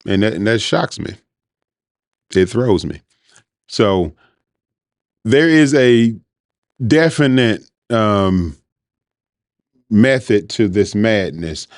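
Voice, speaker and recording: A man's voice: on the low side, no echo, studio quality. A man hosting a show, talking in a loose, rambling, informal monologue. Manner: rambling, conversational, informal speech. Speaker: podcast host. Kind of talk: casual monologue.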